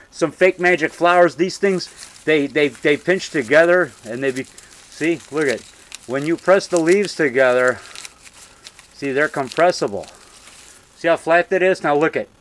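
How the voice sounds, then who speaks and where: A middle-aged man giving an eager, rambling show-and-tell tour of his home basement, jumping from one item to the next. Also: fairly high pitch. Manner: eager, chatty, jumps from item to item. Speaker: monster movie-maker giving a home tour.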